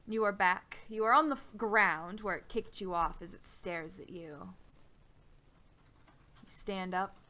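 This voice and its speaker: A woman narrating as game master, slow and dramatic, often dropping into a whisper. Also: medium pitch, sharp tone.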